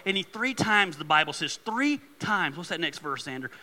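A middle-aged male pastor preaching a sermon, an animated, joking storyteller who turns earnest. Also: a little high, brisk, hardly any pauses.

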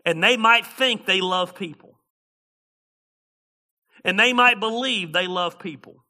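Bright-voiced preacher, loud to hushed. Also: male voice, high voice, takes it slowly. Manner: swings between loud preaching and quiet storytelling. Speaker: pastor. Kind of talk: sermon.

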